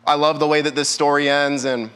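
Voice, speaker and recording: Bright, high-voiced young man preaching. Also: little pitch movement, a little fast, smooth. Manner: repetitive, emphatic preaching with rhetorical questions. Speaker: youth pastor. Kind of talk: sermon. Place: church.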